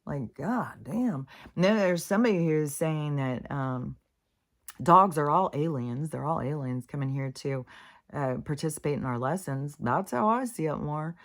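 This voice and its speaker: A woman's voice: sits low, expressive, unhurried. A middle-aged woman talking in a casual, meandering monologue, full of fillers, restarts and frequent swearing. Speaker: spiritual vlogger.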